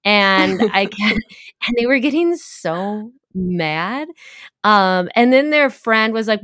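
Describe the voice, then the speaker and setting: A woman's voice: medium pitch, expressive, unhurried, a bit bright, no room sound, clean studio sound. A young woman co-hosting a podcast, chatting loosely and telling stories with lots of fillers. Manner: chatty storyteller with many fillers and laughs. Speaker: podcast co-host. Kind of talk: casual chat.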